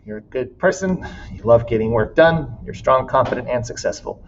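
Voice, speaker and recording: A man's voice: mid-range voice, expressive, moderate pace, dull audio, slight background noise. A man teaching a class in a recorded walkthrough, casual and laughing often as he reads student writing aloud.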